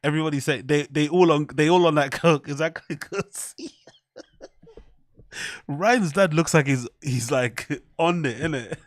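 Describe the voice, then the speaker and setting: A man's voice: a little high, measured pace, no echo. A man, commenting to his chat on a live stream in a rambling, profane way.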